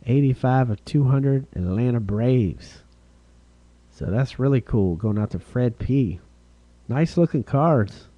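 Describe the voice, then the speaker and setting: A man hosting a live-streamed card break, calling out each card and who gets it, getting excited over rare hits. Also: medium pitch, slow, no room sound, muffled recording. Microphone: streaming setup.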